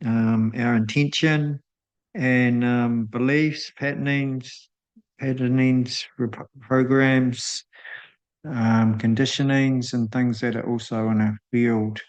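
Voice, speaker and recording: A man hosting a solo spiritual talk, speaking thoughtfully with frequent pauses and drawn-out ums. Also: medium pitch, steady tone. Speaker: host.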